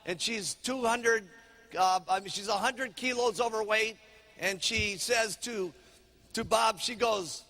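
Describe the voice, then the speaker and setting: A man's voice: high-pitched, a little slow, long reverb tail. A man as sales trainer, telling a humorous motivational story and acting out each character. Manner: animated, acts out characters.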